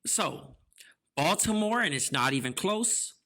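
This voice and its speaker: A man's voice: on the high side, animated, measured pace, pushed and bright. A young man co-hosting a casual podcast chat, joking around and reading out listener answers. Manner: laid-back, jokey, reads out listener answers. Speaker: podcast co-host.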